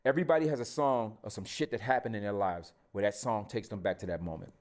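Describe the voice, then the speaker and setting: Fast-talking profane man hosting. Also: fairly low pitch. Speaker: podcast host. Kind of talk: casual chat.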